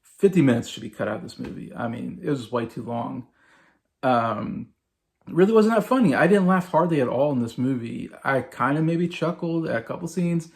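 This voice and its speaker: A man in his forties rambles through a casual movie review, repeating himself and leaning heavily on fillers. His mid-range voice is creaky and darkish, at a moderate pace.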